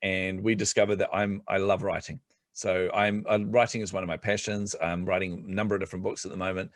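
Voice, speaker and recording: Fast-talking man telling stories. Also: low voice, no room sound, clean studio sound. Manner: fast, animated storytelling, laughs often. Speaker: guest entrepreneur. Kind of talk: casual podcast chat.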